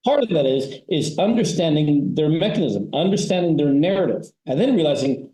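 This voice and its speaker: A man's voice: fairly high pitch, animated, fairly quick, hardly any pauses, mellow. Man talking in an echoey room. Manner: storytelling with many "you know" and "right?" tags. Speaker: guest, family business advisor. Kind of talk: conversational interview explanation.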